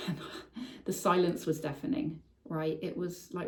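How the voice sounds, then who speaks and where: A woman's voice: on the low side, unhurried. A woman speaks candidly about a hard time in her life, her voice open and emotional, with casual swearing. She sounds a little distant from the microphone in an echoey room. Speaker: podcast host telling her story. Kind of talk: personal storytelling monologue. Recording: echoey room, voice somewhat far from mic.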